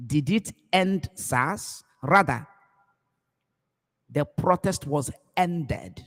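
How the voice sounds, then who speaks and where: A man with a Nigerian accent preaching a live broadcast as a pastor, impassioned and repetitive, swinging between shouts and low murmurs. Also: expressive, very slow, long pauses, big-room sound.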